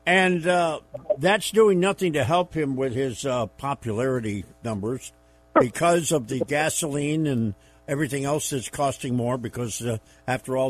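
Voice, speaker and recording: A man's voice: medium pitch, normal speed, no echo. A man hosting a political radio show, who chats casually and backs his co-host up with short agreements. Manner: affirming, conversational, brief backchannels.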